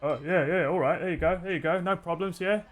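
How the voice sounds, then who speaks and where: A man's voice: sits high, quick pace, pitched above the performer's own voice, natural voice. A man voicing a timid, nervous male tavern patron who stammers apologies in a tabletop game. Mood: placating.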